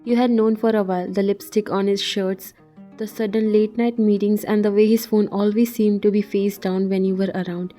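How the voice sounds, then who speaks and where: A woman narrating a scripted story in the second person at an even, measured pace. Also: mid-range voice, faint music behind.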